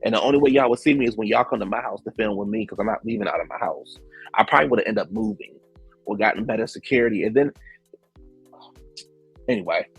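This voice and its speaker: A man giving casual, animated commentary as a reality show recap host, slangy, acting out the quotes. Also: lowish voice, fast talker, vocal fry, long pauses, husky, dry recording, soft background music.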